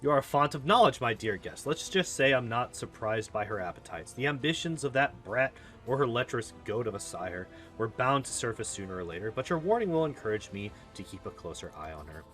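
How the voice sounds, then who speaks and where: A man's voice: mid-range voice, very animated, a little fast, hardly any pauses, a bit bright. A man reading aloud as a haughty, scornful female demon queen in a video game, cold and mocking, with faint music behind. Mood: regal.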